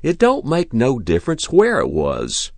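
Guy playing a joking farmer dad, raised gravelly voice, slow and lively. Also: medium pitch, dry recording, voice pushed up, heavily acted. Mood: teasing. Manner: joking, teasing. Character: teasing jovial farmer, middle-aged father.

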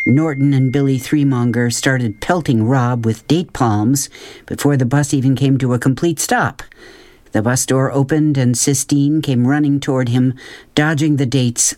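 A woman hosting a children's show, reading a book aloud in a clear, expressive way. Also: very deep voice, dry recording. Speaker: host and storyteller.

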